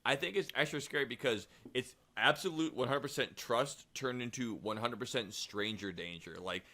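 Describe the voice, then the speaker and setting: A man co-hosting a casual podcast, giving blunt, animated reactions. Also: mid-range voice, normal speed. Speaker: podcast co-host. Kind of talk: casual chat.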